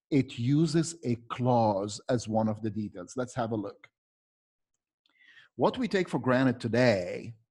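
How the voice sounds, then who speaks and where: A man's voice: mid-range voice, darkish tone. A man walking teachers through a lesson, asking and answering his own questions step by step. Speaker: teacher trainer. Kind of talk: recorded teaching walkthrough.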